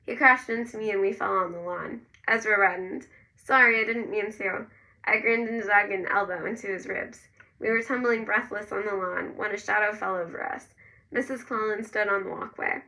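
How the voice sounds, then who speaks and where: A woman narrating a first-person novel in a gentle storytelling manner. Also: mid-range voice, normal speed, gravelly, recorded from a distance, rough recording. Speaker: audiobook narrator.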